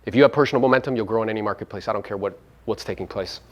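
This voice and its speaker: A man coaching a live audience at a seminar, brash and profane, firing rhetorical questions at the room and swinging between loud punches and low asides. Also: racing. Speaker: real estate coach and podcast host.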